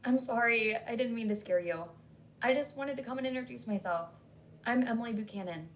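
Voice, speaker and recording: A woman voicing a polite, soft-spoken young woman who works as a housekeeper, with faint music behind. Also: a little high, fairly quick, slight background noise, lightly acted. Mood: gentle. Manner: soft, gentle.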